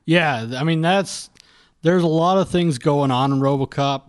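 A man chatting casually as a podcast guest, relaxed and a bit hesitant. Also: a little high, moderate pace, clear, resonant tone. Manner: relaxed, hesitant, many fillers. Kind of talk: casual chat.

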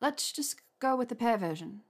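A woman's voice: on the high side, animated, moderate pace, voice pushed up. A woman voicing a flustered, bookish young woman who answers stiffly and stammers, in a storybook reading.

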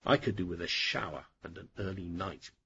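A man reading the lines of a lazy, grumbling husband in a story, with a husky voice. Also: deep voice, normal speed, bright, forceful tone, muffled recording, pitched below the performer's own voice, heavily acted. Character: lazy, football-loving husband.

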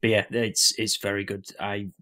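A young man with a lowish voice, chatting casually as a podcast co-host. He rambles with many fillers and restarts, talking about whatever comes to mind. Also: level tone, normal speed, bright, forceful tone. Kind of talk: casual chat.

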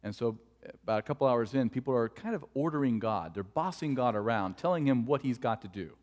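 A male pastor preaching in a church sanctuary, his mid-range voice carrying earnest stories and sinking to a hush at tender points. The sound rings with a long reverb tail from the hall. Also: mid-range voice, lively intonation, fairly quick. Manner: earnest storytelling, dropping to hushed tones for tender moments. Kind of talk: sermon.

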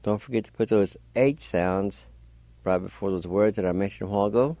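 A man's voice: on the low side, fairly quick, dark tone, dry recording. A man teaching language on the radio, patiently spelling out and pronouncing words letter by letter. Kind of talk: slow spelling and pronunciation lesson.

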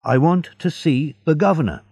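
Desperate young prisoner, insistent and pleading, read by a man with a gravelly voice. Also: on the high side, moderate pace, warm tone, no room sound, clean studio sound, voice pushed up.

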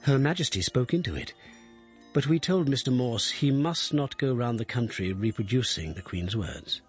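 A man reading aloud a letter as a formal Victorian royal secretary, measured and precise. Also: medium pitch, lively intonation, faint music behind, lightly acted.

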